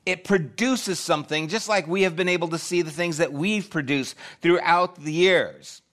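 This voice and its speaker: A man's voice: fairly high pitch, moderate pace, a bit bright. Earnest middle-aged male pastor preaching. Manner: earnest, conversational preaching with repeated phrases. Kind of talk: sermon.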